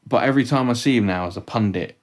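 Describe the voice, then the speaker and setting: A young man co-hosting a casual football podcast, wry and quick to laugh, with mocking asides. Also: medium pitch. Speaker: podcast co-host, Tottenham fan. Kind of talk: casual chat.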